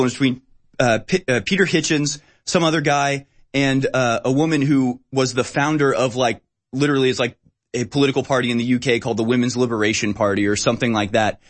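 A man in casual conversation who rambles and acts out quotes in mocking voices. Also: mid-range voice.

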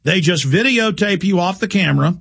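A man's voice: high-pitched, expressive, brisk, creaky, fairly bright tone, breathy edge. A man hosting a talk show, delivering an urgent, impassioned monologue.

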